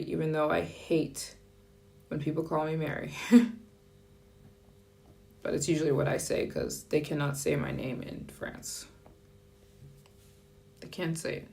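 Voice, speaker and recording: A woman chatting casually on a live stream, upbeat and playful with quick asides. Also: sits low, steady tone, vocal fry. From United States. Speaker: travel vlogger. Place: France.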